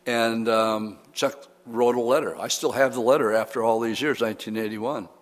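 A man's voice: medium pitch, fairly even intonation, moderate pace. An older man preaching an expository sermon as pastor, talking conversationally with light humorous asides. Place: church sanctuary. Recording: reverberant church hall.

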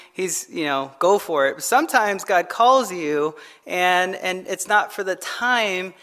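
A man preaching a sermon as pastor, in a conversational, animated storytelling manner that acts out quotes. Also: high-pitched.

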